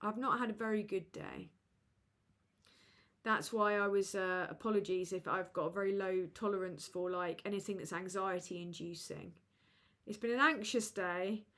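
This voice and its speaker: A woman hosting a live chat with viewers, rambling and halting with many fillers, tired and low. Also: a bit bright. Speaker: livestream host.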